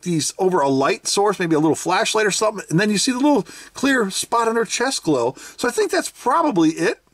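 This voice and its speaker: A toy reviewer hosting a casual unboxing video, chatting with excitement, giggling often and thinking aloud. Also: medium pitch, no room sound. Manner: thinks aloud, unsure asides. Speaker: toy reviewer, channel host.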